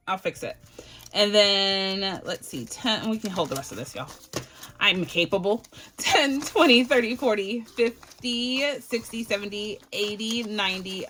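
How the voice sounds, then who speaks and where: A woman from Barbados talks through her budget in a casual home vlog. She is chatty and easily excited, laughs often, and counts bills out loud at a steady, ordinary pitch. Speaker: budgeting channel host. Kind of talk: casual cash-stuffing vlog.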